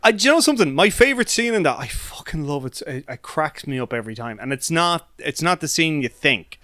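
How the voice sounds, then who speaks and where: A man hosting a relaxed podcast chat, his voice smooth and resonant. He swears freely, laughs easily and stumbles over quick restarts. The sound is close and dry, with no room around it. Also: on the high side, dry recording. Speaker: podcast host. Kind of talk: casual chat.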